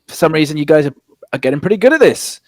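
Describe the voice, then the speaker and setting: A man narrating as dungeon master in a casual, halting way, full of fillers and repeats. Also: a little high, big pitch swings, no echo. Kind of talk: narrating a tabletop game.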